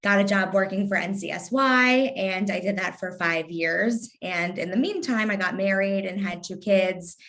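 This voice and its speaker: A woman's voice: mid-range voice, normal speed, hardly any pauses, fairly bright tone. A woman in her thirties from Kentucky with a light Southern accent, talking as an interview guest in a sarcastic, witty way. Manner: sarcastic, witty, laughs easily. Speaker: guest, lifestyle influencer. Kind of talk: casual interview conversation.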